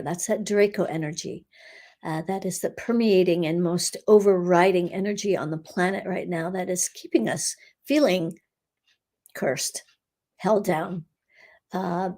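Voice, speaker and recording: A woman hosting a live session as an energy healer, guiding a meditation in an unhurried way with frequent soft laughs and the odd whisper. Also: lowish voice. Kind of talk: guided energy-clearing meditation.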